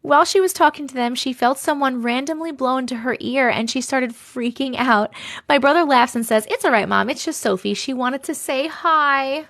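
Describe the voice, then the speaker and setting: A woman's voice: high voice, fairly quick, a bit bright. A woman hosting a livestream, chatting casually and reading viewer stories aloud, chatty and effusive as she reacts to the chat.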